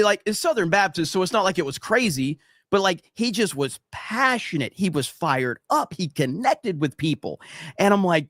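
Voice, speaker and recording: A man's voice: sits high, fairly bright tone, no room sound. Blunt, profane man at a dry close mic. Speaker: podcast host reading live chat. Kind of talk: casual livestream chat and storytelling.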